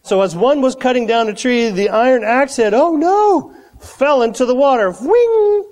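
Animated high-voiced preacher in an echoey hall. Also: male voice, moderate pace. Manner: animated, conversational, dramatic swings in volume. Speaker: pastor. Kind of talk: sermon.

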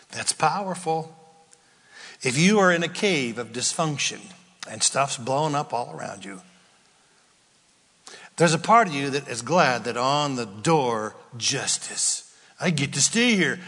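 Animated male preacher in a reverberant hall. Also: medium pitch, normal speed. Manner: animated, swings from loud outbursts to near whispers. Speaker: pastor. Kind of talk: sermon.

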